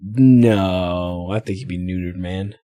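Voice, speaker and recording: A man co-hosting a podcast, reacting with quick comments, laughs and the odd swear. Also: sits low, fairly even intonation, dark tone, no room sound, studio quality. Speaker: podcast co-host. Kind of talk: casual podcast chat.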